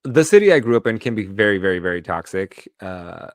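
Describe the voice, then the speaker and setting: A man's voice: fairly low pitch, sing-song, a little fast, dry recording, clean studio sound. A man co-hosting a podcast, telling a personal story in a candid, casual way with lots of "like" and "um". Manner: personal, candid, heavy use of "like" and "um". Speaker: podcast co-host.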